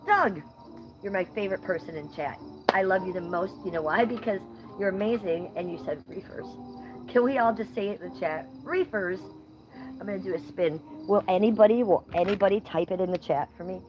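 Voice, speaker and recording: Over music and with poor audio, a woman from Ohio hosts a casual nighttime livestream outdoors, reading chat comments. Her mid-range voice runs a little fast, and she is blunt and playfully profane.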